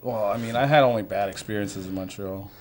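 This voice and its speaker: A man's voice: fairly low pitch, a little fast, a crowd in the background. A man in his thirties co-hosting a podcast, telling rambling stories in casual banter, slipping into put-on voices and laughing along. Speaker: podcast co-host.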